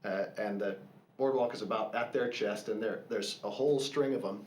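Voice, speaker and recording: A man telling a family story in a casual chat, thoughtful and halting, with many pauses and fillers. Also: fairly low pitch, darkish tone. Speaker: co-host sharing family stories. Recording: echoey room with faint hiss.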